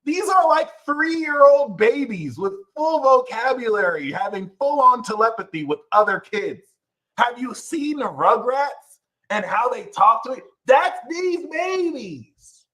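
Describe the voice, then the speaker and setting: A man hosting an astrology show, ranting casually and animatedly, swearing and jumping into high mocking voices when quoting others. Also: lively intonation, measured pace, pushed and bright, low-quality recording. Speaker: astrology channel host. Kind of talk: casual livestream rant.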